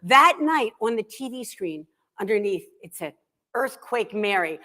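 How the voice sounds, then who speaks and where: A middle-aged woman, a guest author, telling comic stories to a live library audience in an animated, self-deprecating way. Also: medium pitch, unhurried, slight background noise. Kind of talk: comic storytelling talk.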